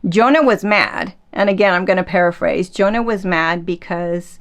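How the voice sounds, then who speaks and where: A woman hosting a casual faith podcast, retelling a Bible story in a chatty, animated way and acting out the quotes. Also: fairly low pitch, moderate pace. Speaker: podcast host.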